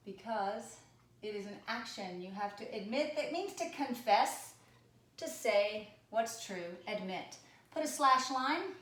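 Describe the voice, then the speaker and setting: A woman teacher giving a recorded spelling lesson, playful and teasing, sounding words out slowly. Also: mid-range voice, fairly bright tone, echoey room.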